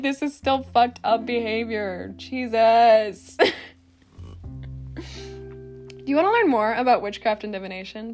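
A young woman hosting a casual solo podcast, ranting bluntly and sarcastically with lots of swearing and laughter. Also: medium pitch. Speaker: podcast host.

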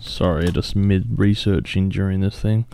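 A man's voice: sits low, fairly even intonation, moderate pace, creaky, warm tone. A man casually reacting to a song cover, blunt and swearing often, with short laughs. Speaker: music reaction host.

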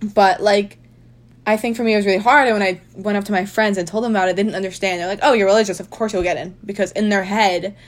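A woman's voice: medium pitch, steady tone, fast talker. A young adult woman telling a personal story in a casual, chatty way. She fills her speech with "like" and speaks with emphasis. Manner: chatty, heavy use of "like", emphatic.

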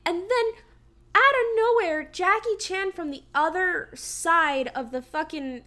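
A young woman co-hosting a casual podcast, retelling movie scenes in an animated way, with swearing and exclaimed questions. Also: extremely high pitch, unhurried. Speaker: podcast co-host. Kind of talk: casual movie review chat.

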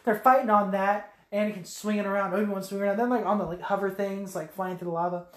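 A woman in casual chat, retelling movie scenes with lots of swearing and quick quoted voices. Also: mid-range voice, fairly even intonation. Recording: echoey room.

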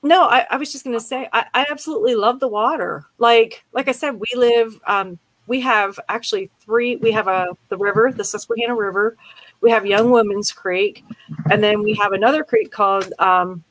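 A woman's voice: fairly high pitch, steady tone, normal speed, fairly bright tone, no room sound, rough recording. An older woman from Pennsylvania, chatting casually and telling a long personal story with many fillers and restarts. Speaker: conversation partner. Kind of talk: casual chat.

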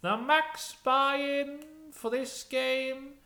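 A man putting on a very high, overly formal British voice to play a prissy male casino dealer. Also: fairly even intonation, sharp tone, exaggerated voice. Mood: haughty. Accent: British, put on. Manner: shrill, overly formal, slow and clipped.

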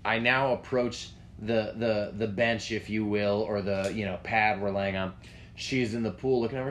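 A man spins an animated, profane story in loose chat. A faint hiss of room noise sits under his mid-pitched voice. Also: normal speed. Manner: animated, profane, acts out voices in a high yelp. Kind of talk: casual storytelling.

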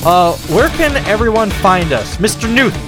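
Guy hosting a podcast, rambly and incredulous, kinda high voice. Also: expressive, moderate pace, over music. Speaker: podcast host. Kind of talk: casual chat.

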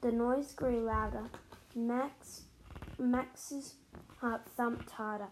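A woman reading a children's story aloud, expressive, with dramatic pauses and sound words. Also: a little high, background noise.

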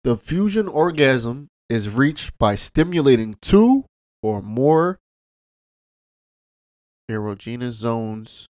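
A man co-hosting a casual podcast, laid-back and joking, slipping into hushed intros. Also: medium pitch, very animated, takes it slowly, long pauses, dry recording. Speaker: podcast co-host. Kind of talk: casual chat.

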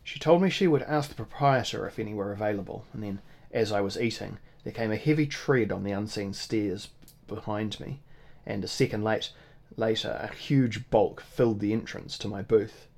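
A man reading a first-person novel aloud in a measured, formal manner. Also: fairly low pitch, gravelly, darkish tone. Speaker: audiobook narrator. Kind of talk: scripted first-person narration.

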